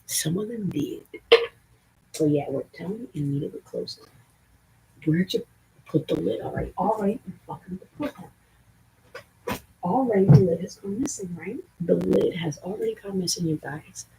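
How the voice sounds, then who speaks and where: A livestreamer from the Southern United States with a Southern accent, rambling in a profane, excitable way and jumping between topics, with a gravelly, raspy voice. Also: medium pitch, normal speed, poor audio. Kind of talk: rambling live stream chat.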